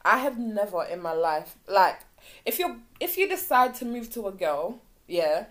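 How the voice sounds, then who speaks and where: A woman's voice: medium pitch, moderate pace. A young woman, telling stories in casual chat with slang and swearing. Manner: animated storytelling with swearing and slang.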